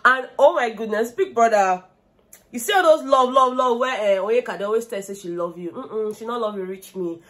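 A young Nigerian-accented vlogger offers lively, gossipy commentary on a reality show, dropping into Pidgin slang along the way. Her voice runs on the high side, and she speaks briskly.

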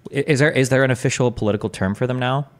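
Fast-talking man hosting a stream. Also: mid-range voice. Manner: quick, restless, hedging and questioning. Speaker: streamer host. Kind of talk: casual livestream debate chat.

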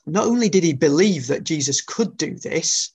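A man delivers an expository Bible talk to a congregation in an earnest, careful way. His voice sits somewhat high and has a husky edge. He often stumbles and restarts phrases, then leans on rhetorical tag questions. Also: expressive, moderate pace, a little mellow.

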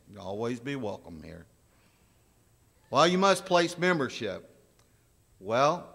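Folksy preacher in a reverberant church. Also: male voice, medium pitch, fairly bright tone. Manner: folksy storytelling, asks the congregation questions. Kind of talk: sermon. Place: church sanctuary. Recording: long church hall reverb.

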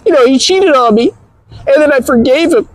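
A man putting on a falsetto voice to play a whiny, lovesick young Gen Z woman in a comedic live-stream sketch, with giggles and a whining delivery. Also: animated, moderate pace, dry recording, low-quality recording.

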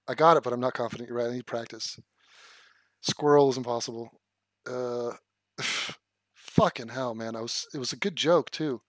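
A man doing casual stream commentary, full of swearing and self-mocking. He keeps tripping over a word and laughing about it. His voice sounds dry and close, with no room echo. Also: mid-range voice. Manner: profane, ranting, keeps stumbling over a word and laughing at himself.

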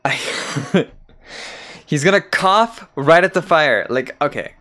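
A man's voice: a little high, animated, slow pace, pushed and bright. A young man giving profane, sarcastic let's-play commentary while gaming. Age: young adult. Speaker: gamer.

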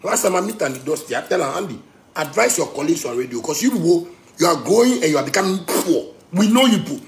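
Man, Ghanaian Pidgin English accent, angry rant, gravelly, slightly high voice, heated outbursts and low mutters. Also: animated, fast. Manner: heated, swinging between shouting and muttering.

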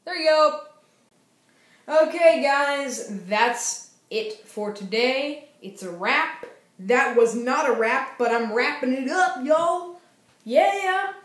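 A woman's voice: sits high, roomy sound. A young woman casually reviewing TV shows in a goofy, playful way, breaking into sing-song cheers. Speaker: YouTube TV show reviewer.

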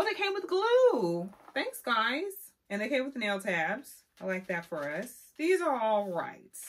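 Sassy woman reviewing press-on nails. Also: medium pitch. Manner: sassy, animated, says "honey" and "child" a lot. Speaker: beauty vlogger. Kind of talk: casual product review.

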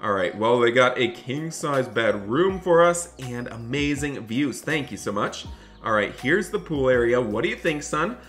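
A man playing a dad in an animated game roleplay, excitable and often scolding his son. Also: medium pitch, normal speed, faint music behind.

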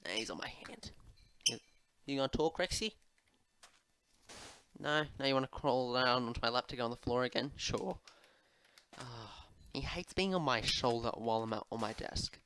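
A Minecraft YouTuber gives casual gameplay commentary from a desk microphone at home, answering viewer questions in a rambling, chatty way full of fillers and asides to his pet. His mid-range voice is bright and forceful at a moderate pace, with slight background noise.

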